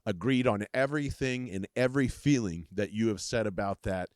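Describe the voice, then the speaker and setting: A man's voice: fairly low pitch, normal speed, a little mellow, no room sound, clean studio sound. Fired-up man ranting about football. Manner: fired-up, rambling, laughs often, swears. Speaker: podcast host. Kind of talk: casual solo sports talk. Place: in bed at home.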